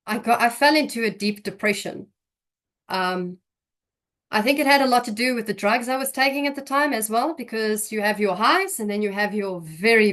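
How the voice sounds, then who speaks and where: A young woman telling her personal faith testimony in an emotional, halting way, often restarting her sentences. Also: mid-range voice, a bit bright. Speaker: guest giving testimony.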